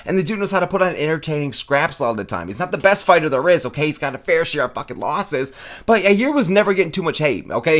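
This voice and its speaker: Male YouTube commentator, quick profane rant, mid-range voice, emphatic. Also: mid-range voice. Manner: profane, emphatic, keeps tacking on "okay?". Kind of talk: casual ranting commentary.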